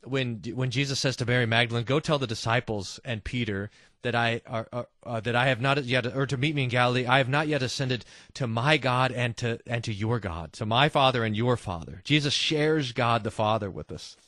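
A man hosting a casual religious talk show, reading listener quotes and mimicking people in quick asides. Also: medium pitch, no echo, studio quality. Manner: animated, mimics voices in asides. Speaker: host.

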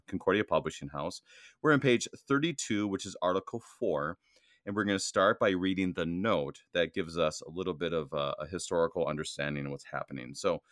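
A man's voice: low voice, a bit bright, no echo, studio quality. A man who is a church district president, talking earnestly about faith with fillers and restarts, and reading passages aloud. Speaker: district president co-hosting a Lutheran study podcast. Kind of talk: casual theological discussion and reading aloud.

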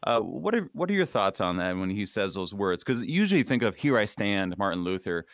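A man leading a casual Bible study discussion, chatty and quick to joke. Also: lowish voice, sing-song, no echo, studio quality. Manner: chatty, laughs, puts on shouted movie quotes.

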